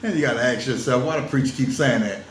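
Talking fast at a medium pitch, a man lectures on religion in a casual vlog, speaking straight to viewers with emphasis, teasing and frequent laughter. Slight background noise and faint ambience accompany the roomy sound of a distant mic.

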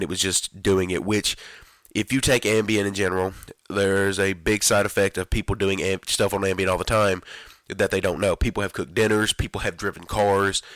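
A very deep-voiced man talks through a loose podcast monologue, his throat hoarse and raspy from a failing voice. He rambles with lots of fillers and restarts, poking fun at himself, and the dry, close sound carries no room echo. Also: fairly bright tone. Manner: rambling, self-deprecating, many fillers and restarts. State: hoarse, voice going out. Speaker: podcast host.

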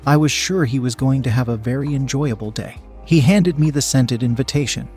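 A man reading a story aloud as narrator, in a steady, measured storytelling manner. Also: mid-range voice, faint music behind.

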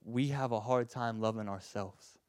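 A man's voice: mid-range voice, moderate pace, no room sound. Impassioned preacher man, dry sound. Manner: impassioned, swings from loud urging to soft hush; stammers and repeats words. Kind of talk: sermon.

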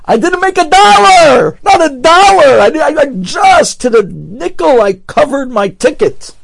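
A man's voice: sits high, expressive, a little fast, vocal fry, darkish tone, exaggerated voice. A man voicing an anxious middle-aged rabbi who stammers through exasperated outbursts.

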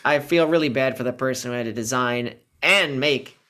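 A man's voice: medium pitch, normal speed, pushed and bright. A man co-hosting a podcast, making dry, wry asides about a film. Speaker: podcast co-host. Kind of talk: casual movie chat.

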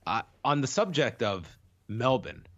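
Man, podcast co-host, sick, measured delivery, dull dry sound. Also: medium pitch, animated, fairly bright tone, no room sound. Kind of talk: casual chat.

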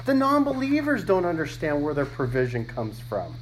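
Lively preaching man, faint hiss. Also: a little high, normal speed. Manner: emphatic scripture reading, repeats words when thinking aloud. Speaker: pastor. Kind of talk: sermon.

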